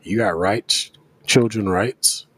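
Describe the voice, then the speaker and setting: A man's voice: lowish voice, slow, fairly bright tone, breathy edge, dry recording. A man co-hosting a podcast, teasing and joking with his friend in casual chat. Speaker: podcast co-host.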